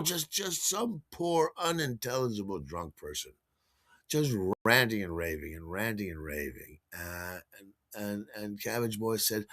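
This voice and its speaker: Bright, rambling male storyteller. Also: fairly low pitch, lively intonation, normal speed, no room sound, studio quality. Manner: rambling, chuckling, repeats words. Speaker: podcast host. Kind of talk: casual storytelling monologue.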